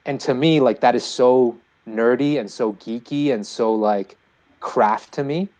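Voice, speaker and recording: A man's voice: mid-range voice, measured pace, poor audio. Chatty male brewer telling a story. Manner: animated storyteller with many fillers. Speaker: guest brewer. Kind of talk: casual podcast chat.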